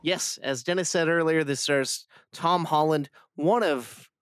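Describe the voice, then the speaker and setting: A man's voice: a little high, measured pace, fairly bright tone, clean tone, no room sound, studio quality. A man hosting a casual film review podcast, rambling with lots of fillers and restarts.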